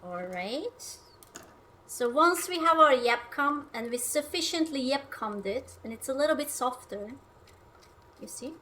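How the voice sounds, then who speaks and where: A woman's voice: high-pitched, lively intonation, a little slow, pushed and bright, a little hiss or hum. A young woman from Hungary, chatting casually on a livestream while she cooks, playful and self-mocking. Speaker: streamer.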